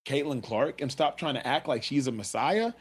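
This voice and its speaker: A man's voice: medium pitch, animated, normal speed, breathy edge. A man giving blunt, dismissive sports commentary in a clip.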